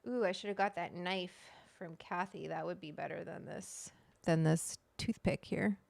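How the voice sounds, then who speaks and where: A woman's voice: on the low side, steady tone, normal speed, gravelly, a little mellow, no echo. A woman hosting a livestream, chatting casually, greeting viewers by name and swearing freely. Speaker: livestream host.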